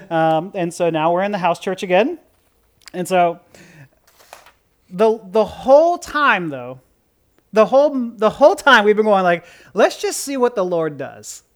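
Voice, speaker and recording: A pastor preaching in a loose, conversational way, cracking jokes as he goes. The voice sits in a middle register but leaps around constantly, dropping to murmured asides and then jumping to loud, excited outbursts. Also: medium pitch. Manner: animated, joking, swings from quiet asides to loud outbursts. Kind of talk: sermon.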